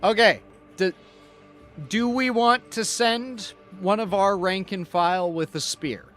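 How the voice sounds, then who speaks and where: A man's voice: high voice, steady tone, slow, fairly bright tone, soft background music. A man from Canada running a tabletop role-play stream as game master, often restarting to check the players' choices.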